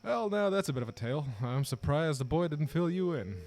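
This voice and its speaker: A man reading aloud the lines of a weary older male farmer in a game, in a plain, low-key voice without putting on an accent. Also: lively intonation, a little fast, darkish tone, slight background noise. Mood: grim.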